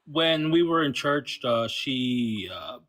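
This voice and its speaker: A man who used to be a pastor, calling in to a casual chat and speaking hesitantly, with many pauses and fillers. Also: mid-range voice, lively intonation, a bit bright. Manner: hesitant, full of "uh" and "you know". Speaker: caller, former pastor.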